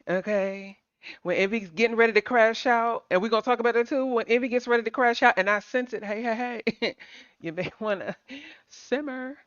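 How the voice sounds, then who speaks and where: A woman's voice: fairly high pitch, fairly bright tone, no room sound, highs cut off. A sassy, chatty woman hosts a livestream, calling her viewers honey and sugar. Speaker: livestream host. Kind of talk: casual chat to live viewers.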